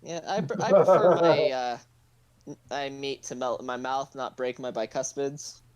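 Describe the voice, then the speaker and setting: A man playing a tabletop game at an ordinary middle pitch. He suggests plans in character, often stumbling and restarting before he gets going. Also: normal speed, a little mellow. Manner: hesitant, stumbling starts. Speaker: player.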